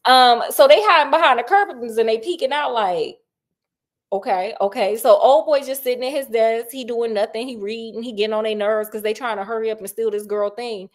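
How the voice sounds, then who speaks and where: A woman storyteller retelling a classic mystery in an animated, slangy way, asking her listeners questions. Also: on the high side.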